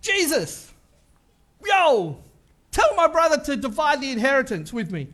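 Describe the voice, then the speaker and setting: A man's voice: very high voice, very animated, unhurried, a bit bright, voice pushed up, full character voice. A man voicing a pushy, self-centred man in a crowd, demanding and brash.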